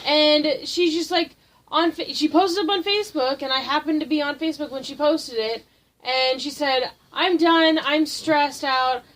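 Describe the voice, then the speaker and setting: A woman co-hosting a podcast, telling an animated, swearing story in casual chat. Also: high voice, normal speed. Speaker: podcast co-host.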